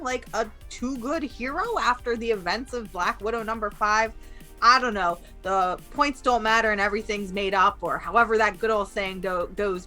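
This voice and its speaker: A woman's voice: medium pitch, pushed and bright. A woman guest in a casual comic book chat, enthusiastic and chatty.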